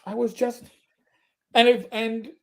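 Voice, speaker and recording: A man's voice: extremely high pitch, little pitch movement, takes it slowly, creaky. A man from New York with a New York accent, a former police officer and podcast co-host. He tells stories animatedly, slipping into voices, with stammering restarts. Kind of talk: casual storytelling chat.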